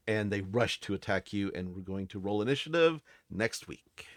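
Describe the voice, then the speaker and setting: A man's voice: on the low side, animated, moderate pace, hardly any pauses, no echo, studio quality. A man narrating as game master of a tabletop role-playing game, upbeat and playful.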